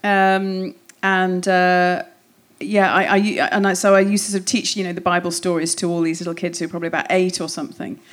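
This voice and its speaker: A woman's voice: fairly low pitch, level tone, a little fast. A middle-aged woman with an English accent, a comedian guesting on a podcast, chatting and laughing, often trailing off mid-sentence. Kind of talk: casual comedy chat. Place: theatre stage before an audience.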